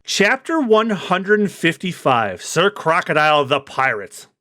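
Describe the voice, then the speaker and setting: A man co-hosting a podcast, chatting casually and thinking out loud as he reads. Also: fairly high pitch, big pitch swings, measured pace. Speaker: podcast co-host. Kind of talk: casual manga readthrough chat.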